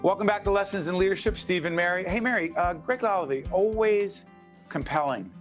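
A man's voice: high-pitched, brisk, over music. A man hosting a leadership talk show, bantering with energy. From New Jersey. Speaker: host.

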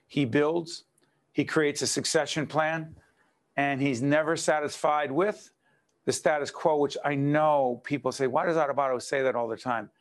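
A man hosting a leadership talk show, bantering with energy. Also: mid-range voice. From New Jersey. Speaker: host.

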